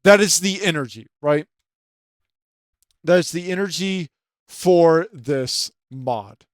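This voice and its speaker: Guy with a high voice ranting about a game, swears a lot, rambles, dry close sound. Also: slow pace, no room sound. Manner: profane, rambling, leans on filler words and tag questions; keeps his voice down late at night. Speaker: channel host. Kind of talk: ranting video-game commentary.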